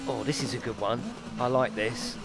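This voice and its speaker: A man's voice: mid-range voice, normal speed, background noise. A man streaming a racing game, chatting and joking with viewers and swearing freely over game music. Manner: banters with chat, swears freely. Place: home gaming setup.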